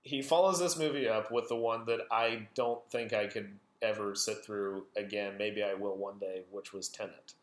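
A man's voice: fairly low pitch, steady tone, normal speed, few pauses. Enthusiastic man in an echoey room. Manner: enthusiastic, rambling, laughs often. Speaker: podcast co-host. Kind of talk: casual film discussion. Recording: roomy echo.

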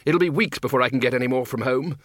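A man voicing a bluff, blustering old male wizard chief in an audiobook, hearty and booming. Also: quick pace, fairly bright tone, no echo, clean studio sound, lightly acted.

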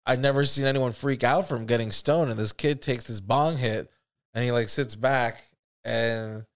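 Smooth-voiced man telling rambling stories. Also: mid-range voice, steady tone, normal speed. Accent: American. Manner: profane, rambling, acts out other people's voices. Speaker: podcast co-host. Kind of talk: casual storytelling chat.

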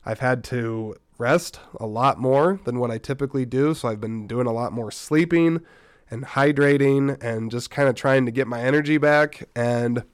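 A man's voice: medium pitch, moderate pace, smooth, dry recording, studio quality. A man hosting a casual solo podcast, a bit tired while getting over a stomach bug, chatty and rambling with frequent asides and restarts. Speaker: podcast host.

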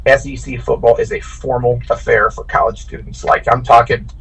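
A man's voice: medium pitch, normal speed, gravelly, slightly rough, rough recording. A man from Illinois who races cars, telling a long, rambling story with lots of restarts in casual podcast chat. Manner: animated, rambling anecdote with frequent restarts. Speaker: podcast guest, bracket racer.

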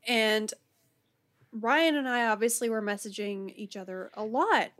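A woman's voice: a little high, a little slow, a bit bright. A woman telling a funny story in a casual chat, with fillers and bursts of laughter. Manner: chatty, laughing, frequent fillers. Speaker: podcast co-host.

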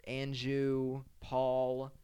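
A man co-hosting a casual podcast, playful and quick to do silly impressions. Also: mid-range voice, monotone, dark tone, highs cut off, slight background noise. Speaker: podcast co-host. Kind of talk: casual chat.

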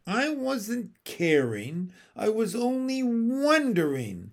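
A man's voice: high-pitched, wildly swooping pitch, takes it slowly, creaky, voice pushed up, full character voice. A man voicing a curious, grumbling little boy. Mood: wondering. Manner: wondering, grumbling. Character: curious, sulky young boy.

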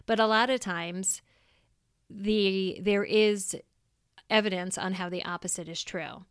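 A woman's voice: medium pitch, steady tone, unhurried, smooth, dry recording, clean studio sound. A middle-aged woman hosting a solo podcast, talking candidly and reflectively in a casual, plainspoken way. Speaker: podcast host.

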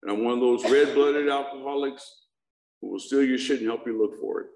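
Brisk and gravelly yet a little mellow, this mid-range voice comes from a middle-aged man telling a live audience about his recovery with humor. He cracks jokes, asks them questions, and the room echoes around him.

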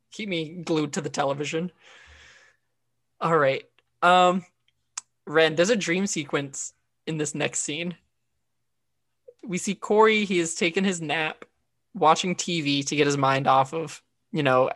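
A woman's voice: sits low, fairly even intonation, unhurried, long pauses, fairly bright tone. A woman co-hosting a podcast, recapping an episode in casual chat with lots of fillers and restarts. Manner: chatty, frequent fillers and restarts. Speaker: podcast co-host.

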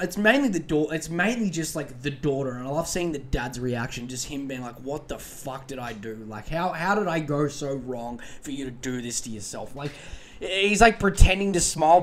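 Profane Australian man ranting. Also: on the high side. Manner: profane, animated, rambling. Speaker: podcast host. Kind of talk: casual comedic rant.

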